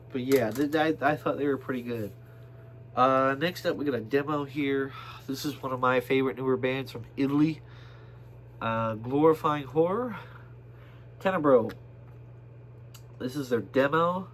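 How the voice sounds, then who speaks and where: A man showing his album collection in a casual, rambling video monologue, full of fillers and bursts of excitement. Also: on the high side, slight background noise.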